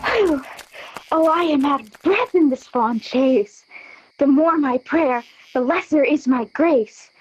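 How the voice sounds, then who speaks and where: A woman's voice: high voice, a little slow, lo-fi sound. A teenage girl voicing a desperate, scorned young noblewoman, pleading in verse for a school audio play. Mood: lamenting. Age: teens. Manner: plaintive, pleading verse reading. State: out of breath.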